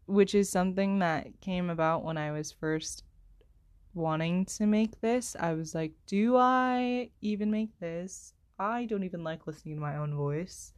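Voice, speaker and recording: A young woman rambling alone into a headphone microphone, self-deprecating and apologetic, with many filler words and slow pauses while she searches for words. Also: medium pitch. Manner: speaks slowly, pauses to find words. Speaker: solo podcaster. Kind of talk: rambling solo chat.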